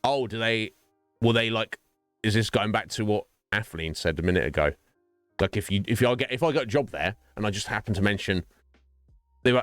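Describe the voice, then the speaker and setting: A man streams a game while chatting casually and rambling, laughing often. His voice is lowish, brisk, smooth, and fairly bright, captured in a dry recording with faint music behind him.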